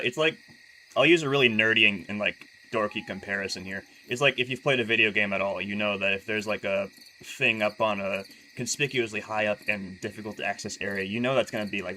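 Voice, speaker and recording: A man in a casual live stream, his voice sitting fairly low yet sounding crisp and forceful. He talks in a halting, self-correcting way and makes wry remarks. A faint hiss of background noise runs underneath. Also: poor audio. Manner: halting, stumbles and restarts often; chatty and wry when talking freely. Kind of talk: casual live-stream chat and reading aloud.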